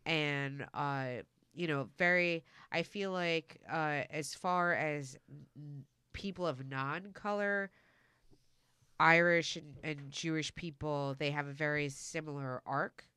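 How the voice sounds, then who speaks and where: A woman's voice: low-pitched, takes it slowly, bright, forceful tone, clear, resonant tone, no room sound. A woman hosting a casual chat, talking loosely with many fillers. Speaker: host.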